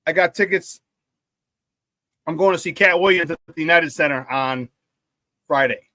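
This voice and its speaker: Hyped high-voiced sports talk host. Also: male voice, moderate pace, no room sound. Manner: excitable and hyped, with frequent laughs and slang. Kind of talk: live-streamed sports talk, reading viewer chat.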